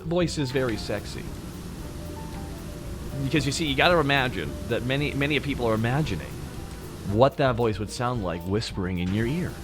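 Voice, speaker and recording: A man in his thirties with a naturally deep voice, chatting casually and teasingly with his stream audience, close to the mic. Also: expressive, normal speed, long pauses, over music. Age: 30s. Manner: joking, teasing, talks straight to chat. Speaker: VTuber streamer. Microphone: close to the microphone.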